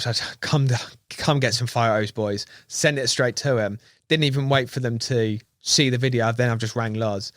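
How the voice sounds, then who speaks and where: Excitable English man telling a fishing story. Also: mid-range voice, no echo, studio quality. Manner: excitable storyteller, swears freely, acts out quotes loudly. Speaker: guest angler. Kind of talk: casual podcast chat.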